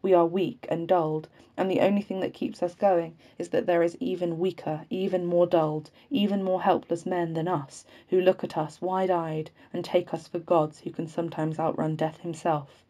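A woman reading a war novel aloud as an audiobook, in a steady reading voice with occasional slips and restarts. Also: fairly low pitch, moderate pace, few pauses. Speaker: audiobook reader.

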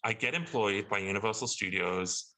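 A British man, a guest actor on a podcast, telling an animated story and acting out the exchanges he quotes. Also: lowish voice, normal speed, poor audio. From Britain.

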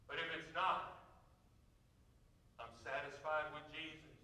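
A middle-aged male pastor preaching a sermon, swinging between loud praise and soft, hushed moments. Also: a little high, little pitch movement, measured pace, long pauses. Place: church sanctuary. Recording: echoey church room, mic heard from a distance.

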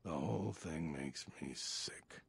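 An actor playing a gruff, blunt, middle-aged male militia captain in a video game, with a gravelly voice and a terse, world-weary manner. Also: a bass voice, slow, dry recording, full character voice. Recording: game audio with faint music.

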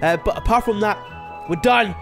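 Over background music, a young man with a high-sitting voice and some vocal fry talks at a normal speed while playing through a game. As a gaming video host doing casual let's-play commentary, he rambles and laughs at himself.

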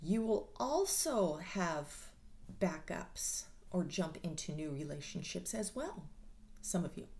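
A woman vlogger talks in a casual monologue with a blunt, sarcastic edge and plenty of swearing. Her pitch rises and falls a lot as she speaks. She keeps an unhurried, drawn-out pace. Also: lively intonation, vocal fry, a little mellow, a little hiss or hum. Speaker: mental health vlogger.

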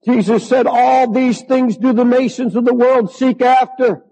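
High-voiced fervent older preacher. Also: male voice, fairly even intonation, low-quality recording. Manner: fervent, rising to shouts at climaxes; slow, drawn-out emphasis. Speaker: pastor. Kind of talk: sermon.

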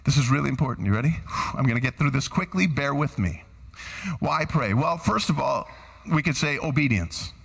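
A man preaching a sermon as pastor, quizzing the congregation with lively shouts and then dropping to hushed, earnest tones. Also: mid-range voice, normal speed, gravelly, husky, in a large hall. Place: church sanctuary.

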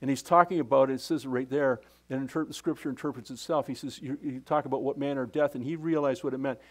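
A man preaching a sermon with passion, often restarting phrases and swinging from loud to hushed. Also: medium pitch, fairly even intonation, fast. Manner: impassioned, repetitive, with restarts and sudden swings in loudness. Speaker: pastor.

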